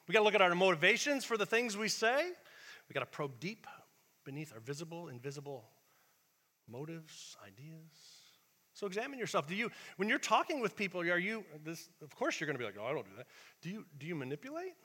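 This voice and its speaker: Animated high-voiced preacher in echoing church. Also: male voice, brisk. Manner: animated, acts out quoted voices, shifts between shouting and hushed asides. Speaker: pastor. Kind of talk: sermon.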